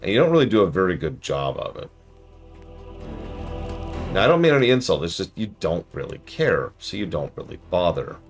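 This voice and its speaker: A man giving casual live-stream commentary, sarcastic and ranting. His voice is low but swings widely in pitch. Faint music plays underneath. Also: big pitch swings, fairly quick, creaky, long pauses. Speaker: streamer reviewing a game.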